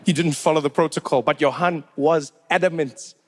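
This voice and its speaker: A man from doing animated, mock-exasperated stand-up storytelling. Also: fairly high pitch, moderate pace. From South Africa. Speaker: comedian. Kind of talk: stand-up comedy.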